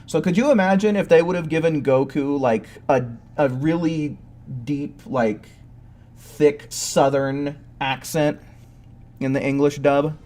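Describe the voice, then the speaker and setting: A man's voice: fairly high pitch, normal speed, dark tone. A man giving casual, rambling commentary while playing a video game, with occasional swearing outbursts. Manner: chatty, rambling, profane outbursts. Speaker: gaming streamer.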